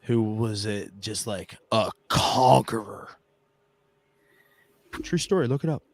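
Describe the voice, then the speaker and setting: A man's voice: lowish voice, lively intonation, slow. A man co-hosting a wrestling podcast, joking, teasing and swearing in casual chat. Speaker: podcast co-host.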